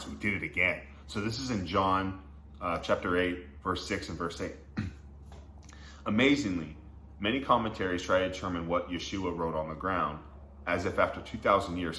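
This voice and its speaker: A man with a fairly low voice leads a casual Bible study, reading verses and then unpacking them in slangy, enthusiastic asides. The recording is roomy and echoey, with a faint hum of noise underneath. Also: pushed and bright. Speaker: Bible teacher.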